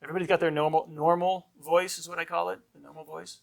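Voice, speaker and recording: A priest teaching a marriage class in a conversational lecture style, often checking in with "right?" and acting out short quoted lines of kids and parents. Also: male voice, fairly high pitch, little pitch movement, quick pace, gravelly. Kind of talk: informal lecture.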